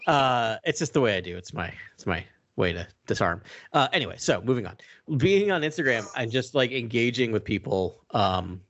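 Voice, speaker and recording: A man co-hosting a casual podcast chat, animated and self-deprecating with quick laughs. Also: mid-range voice, muffled recording. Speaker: podcast co-host.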